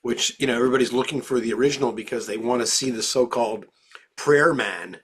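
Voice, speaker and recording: A man's voice: mid-range voice, fast, a bit bright, slight background noise. A man hosting a podcast interview, chatting casually and stumbling over repeated restarts. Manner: stammering restarts. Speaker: podcast host.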